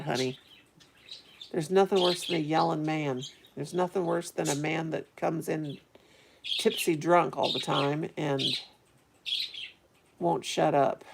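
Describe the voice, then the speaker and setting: Gravelly-voiced chatty woman. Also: lowish voice, a little mellow, slight background noise. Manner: rambling, chatty, talks to viewers. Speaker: vlogger reading live chat. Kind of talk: casual live-stream chat.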